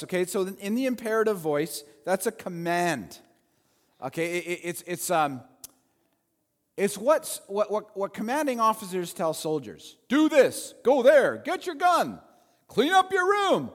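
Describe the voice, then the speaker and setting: A male pastor preaching a sermon, with animated delivery that swings between loud emphasis and quiet asides. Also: sits high, big-room sound. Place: church sanctuary. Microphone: handheld or headset mic with feedback.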